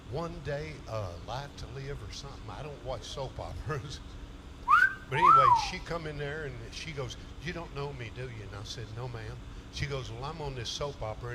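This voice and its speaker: A man's voice: medium pitch, noisy background. A man with a drawl singing country songs live in a small hotel venue and telling folksy stories between songs. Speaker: country singer. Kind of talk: live concert singing and stage banter. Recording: live concert with loud band. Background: band music.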